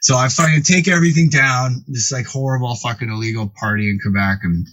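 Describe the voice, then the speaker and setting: A man, a music producer guest on a podcast, tells a rambling, animated story full of swearing and acts out the characters' voices. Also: mid-range voice, brisk.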